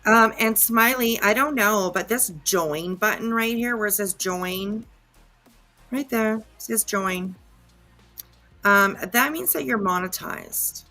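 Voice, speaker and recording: A woman's voice: medium pitch, slow, bright, forceful tone, faint music behind. A woman hosting a podcast, giving blunt, indignant reaction commentary on a played clip and swearing freely. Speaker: podcast host.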